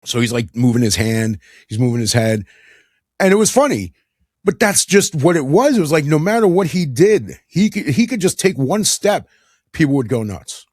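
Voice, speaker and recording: A man's voice: a little high, big pitch swings, normal speed, a little mellow, husky, no echo, clean studio sound. A man hosting a casual monologue show, talking with enthusiasm in a chatty way and laughing often. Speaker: podcast host.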